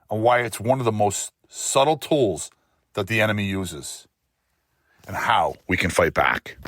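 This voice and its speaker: A man's voice: lowish voice, fairly bright tone, dry recording, clean studio sound. A man hosting a faith-based motivational monologue, speaking emphatically in rhythmic lists of short phrases. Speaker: host.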